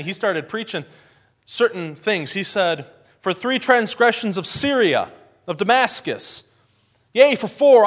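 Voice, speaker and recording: A man's voice: high-pitched, a bit bright. A man preaching a sermon in a folksy storytelling way, acting out the scenes he describes.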